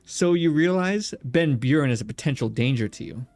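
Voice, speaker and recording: A man's voice: on the high side, lively intonation, normal speed, a little mellow, no room sound, faint music behind. A man streaming a visual novel game, joking around and chatting with his viewers and the characters. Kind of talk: casual let's-play chat.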